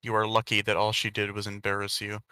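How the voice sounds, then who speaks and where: A man's voice: on the low side, completely flat delivery, quick pace, pushed and bright, smooth, no echo. A man voicing a cool, reproachful noble mother in a fan story he reads aloud. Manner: dry rebuke.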